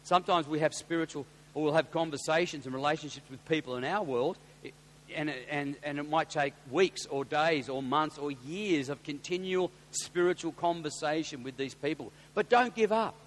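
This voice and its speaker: An Australian pastor with a notably high voice, preaching through personal anecdotes. He drops to near-whispered asides and then bursts into loud, excited exclamations. The sound rings with the long reverb of a large church auditorium. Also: moderate pace, a little hiss or hum. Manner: animated storyteller, swings from hushed asides to loud exclamations.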